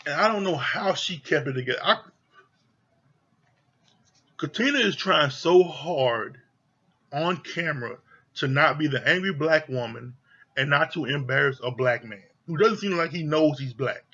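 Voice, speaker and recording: A man's voice: a little high, unhurried, pushed and bright, slightly rough, highs cut off. A man giving a heated, profane rant reviewing a reality TV show, exasperated and repeating his points for emphasis.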